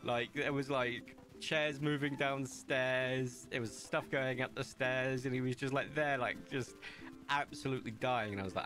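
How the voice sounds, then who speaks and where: A young man talks through his game stream in a loose, rambling way, drifting from gameplay into stories. His voice sits at an ordinary middle pitch. Quiet game music plays under him. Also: fairly even intonation, moderate pace. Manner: chatty, rambling, storytelling asides. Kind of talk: casual gameplay commentary. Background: faint game music.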